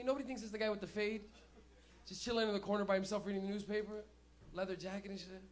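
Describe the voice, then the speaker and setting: A man's voice: sits high, fairly bright tone. A man hosting a comedy night, talking loosely and profanely and laughing at his own jokes. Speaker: stand-up comedian and host. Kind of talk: stand-up comedy. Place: comedy club stage.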